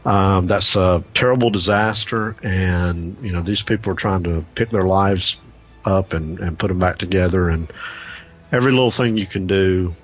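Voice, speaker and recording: Low-voiced man hosting a radio talk show. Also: normal speed, faint music behind. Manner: relaxed, rambling with many repeated words. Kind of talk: casual radio show chat.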